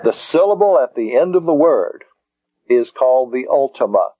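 A man teaching in a slow, patient lecture style, repeating key words for his students. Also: medium pitch, animated, dark tone, slightly rough, no echo. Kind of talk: slow lecture on Greek syllables. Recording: dull lo-fi recording.

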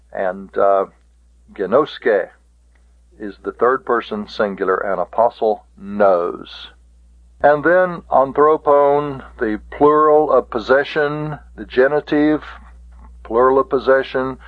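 A man teaching a Greek grammar lesson on tape, slow and deliberate, stopping to spell out word forms. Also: medium pitch, no echo. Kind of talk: recorded taped lecture. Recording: tinny lo-fi tape.

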